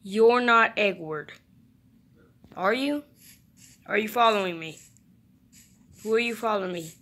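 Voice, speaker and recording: A woman's voice: mid-range voice, expressive, a little slow, fairly bright tone. A young woman giving chatty, playful gameplay commentary, talking to the animals in her game. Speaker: gamer.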